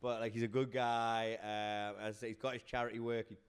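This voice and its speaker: A young adult man, a guest comedian, chatting casually on a podcast and telling animated, sweary stories. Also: mid-range voice, a little fast, smooth. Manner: animated storyteller, swears freely.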